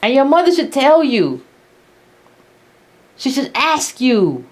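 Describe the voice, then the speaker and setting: A woman's voice: high voice, very animated, takes it slowly, long pauses, darkish tone. A woman hosting a political commentary monologue who speaks bluntly and sarcastically. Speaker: host of a political commentary channel.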